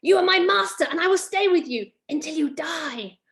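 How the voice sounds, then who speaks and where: A woman's voice: extremely high pitch, animated, moderate pace, a bit bright, voice pushed up, exaggerated voice. A woman voicing a tiny, bossy, rude female fairy who threatens and commands, in a children's story read aloud. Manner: commanding, snappish.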